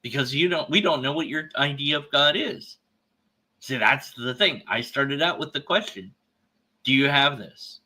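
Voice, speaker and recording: A man with a mid-range voice, moderate pace, and a bright, forceful tone with a breathy edge comments on an online debate exchange. He's an atheist streamer, exasperated and ranting. To make his points, he acts out store clerks in quoted voices.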